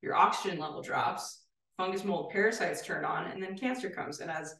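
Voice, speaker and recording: A woman's voice: fairly low pitch, moderate pace, fairly bright tone. Enthusiastic woman guest, echoey room. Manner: enthusiastic, explanatory. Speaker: guest therapist. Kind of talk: casual interview chat. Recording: roomy, distant mic.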